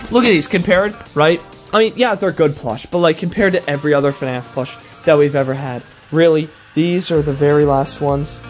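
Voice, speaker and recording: A man with a fairly high voice talks through a toy unboxing in a loose, casual review. He rambles, restarts his sentences and leans on fillers, swinging between gushing and grumbling disappointment. Faint music plays softly underneath. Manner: gushing then letdown and complaining.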